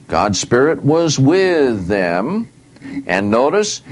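A man teaching a Bible study, reading verses aloud and repeating key words with deliberate stress. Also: on the high side, huge pitch swings, slight background noise.

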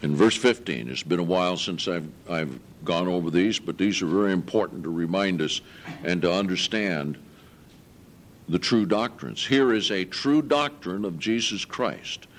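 A man preaching a sermon to his congregation, earnest and emphatic, reading scripture slowly and lifting his voice on key points. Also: sits low. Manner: slow, deliberate scripture reading.

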